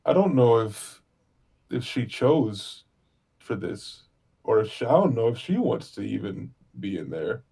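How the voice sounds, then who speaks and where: A man playing a grieving adventurer who speaks haltingly, searching for words. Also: fairly low pitch, very animated, gravelly, mellow, husky, exaggerated voice. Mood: troubled. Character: grieving young adventurer haunted by a lost friend.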